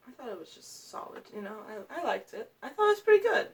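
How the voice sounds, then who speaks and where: A woman's voice: a little high, big pitch swings, fast talker, distant mic. A young woman ranking books in a casual vlog, chatty and gushing, with lots of fillers and restarts. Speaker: booktuber.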